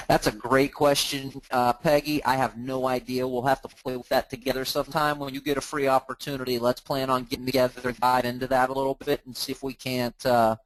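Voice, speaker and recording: A man hosting a live training, talking casually as he clicks through software on his screen and restarting words now and then. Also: mid-range voice, level tone, brisk, hardly any pauses, low-quality recording. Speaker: host of a mortgage training group.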